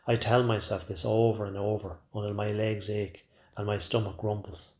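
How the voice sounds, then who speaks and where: Low-voiced man reading a story. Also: flat delivery, normal speed, a little mellow. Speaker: narrator. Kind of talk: first-person story reading. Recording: roomy echo.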